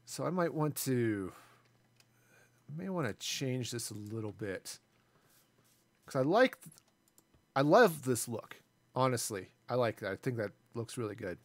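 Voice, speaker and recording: A man's voice: medium pitch, big pitch swings, measured pace, long pauses, no room sound. A man in his forties chatting casually and self-deprecatingly as he streams a building game. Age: 40s. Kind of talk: casual live gameplay commentary.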